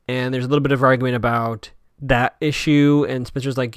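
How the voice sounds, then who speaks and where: A man's voice: medium pitch, a little fast, no room sound, studio quality. A man hosting a podcast, casually retelling TV scenes and quoting the characters as he goes. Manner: chatty, retells scenes with quoted lines. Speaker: podcast host recapping a TV episode. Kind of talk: casual solo recap.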